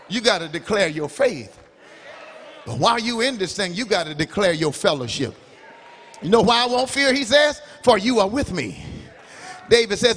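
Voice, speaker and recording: A middle-aged man preaching a revival sermon in a church, rising to shouted, half-sung climaxes. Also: high-pitched. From United States. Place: large church sanctuary. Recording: church hall reverb.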